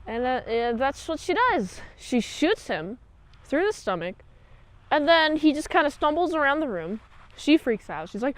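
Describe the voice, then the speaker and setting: A woman's voice: sits high, very animated, normal speed. A woman giving a chatty, jokey review monologue, full of "like" and retellings. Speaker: video reviewer.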